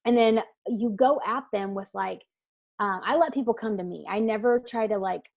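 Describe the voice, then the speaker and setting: A woman's voice: medium pitch, normal speed, gravelly, muffled recording. A woman weight-loss coach answering interview questions in a casual, earnest, emphatic way, with frequent fillers and restarts.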